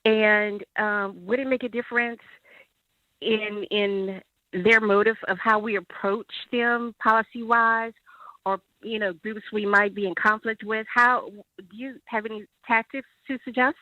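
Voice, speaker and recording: A woman's voice: mid-range voice, fairly even intonation, measured pace, no room sound, narrow, tinny audio. A woman from Louisiana calling in to a talk show, asking a question hesitantly with many fillers. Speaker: caller. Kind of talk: call-in question.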